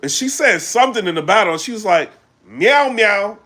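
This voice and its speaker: A man chatting casually on a live stream, animated and full of fillers, breaking into loud shouts when he gets excited. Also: high voice, fast talker. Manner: animated, loose, full of fillers like "you know what I'm saying". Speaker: battle rap commentator.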